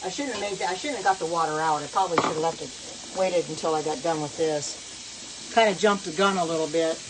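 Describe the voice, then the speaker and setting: A woman's voice: sits low, brisk, noisy background. A middle-aged woman chatting in a rambling, self-correcting way while cooking at her home stove, talking to her viewers. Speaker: home cook. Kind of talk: casual cooking vlog talk.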